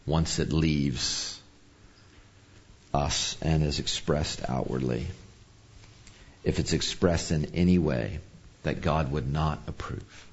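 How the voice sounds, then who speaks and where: A man's voice: rumbling low, takes it slowly, long pauses, highs cut off, slight background noise. A man preaching a sermon on anger, telling a personal story in a conversational, self-deprecating way.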